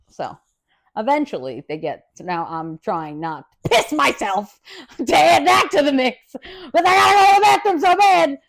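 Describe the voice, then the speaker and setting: A woman hosting a podcast, telling a wild story in a casual, profane rant, swinging from loud and laughing to low, quiet asides. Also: gravelly. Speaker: podcast host.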